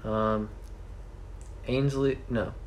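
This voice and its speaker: A man's voice: medium pitch, steady tone, extremely slow. A teenage boy is chatting with a friend and cutting in with quips and slang. Faint noise sits under his voice. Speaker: friend in chat. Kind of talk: casual chat.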